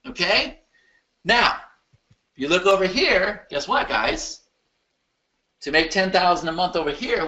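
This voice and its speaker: Hyped, high-voiced man presenting. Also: sharp tone, highs cut off. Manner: emphatic, repetitive, hyped. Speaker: webinar presenter. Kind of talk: motivational sales pitch.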